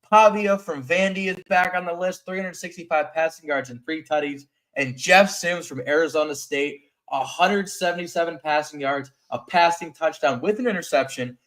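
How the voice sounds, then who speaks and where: A man's voice: a little high, fairly bright tone. Man rattling off sports stats. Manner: reads stats in a quick list. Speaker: co-host. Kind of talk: casual sports chat.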